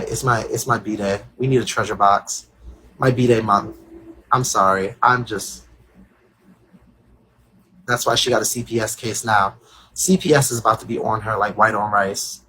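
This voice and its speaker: A man's voice: mid-range voice, fairly bright tone, slight background noise. A man hosting a casual livestream, talking emphatically and bluntly to viewers and a guest. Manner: emphatic, blunt and profane, often addresses viewers. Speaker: livestream host.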